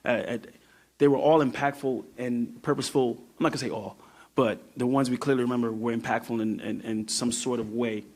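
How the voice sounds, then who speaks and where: A man's voice: medium pitch, steady tone, a little fast, a little mellow. A man from New York, a guest musician on a podcast, talking reflectively and often trailing off while he searches for words. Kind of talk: casual podcast conversation.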